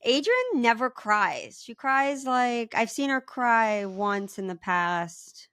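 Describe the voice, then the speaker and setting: A woman co-hosting a podcast in casual chat, chatty and quick to laugh. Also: a little high, smooth. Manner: warm-hearted, chatty, laughs often. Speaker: podcast co-host.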